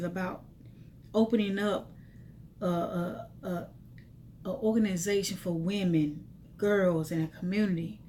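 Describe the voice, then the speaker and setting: A woman's voice: medium pitch, mellow, slight background noise. A middle-aged woman telling her life story to viewers in an emotional, testifying, repetitive way.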